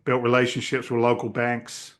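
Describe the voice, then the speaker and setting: A middle-aged man, telling his story as a guest in a podcast interview, acting out the people in it. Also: moderate pace. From New England, US. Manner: animated storyteller who acts out the people in his story, pitch jumping up in quotes. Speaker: guest, real estate investor.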